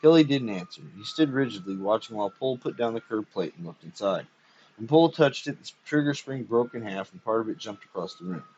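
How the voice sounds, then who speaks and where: Husky low-voiced guy reading a story, steady and measured, muffled lo-fi audio. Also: slight background noise. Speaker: reader. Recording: dull lo-fi recording.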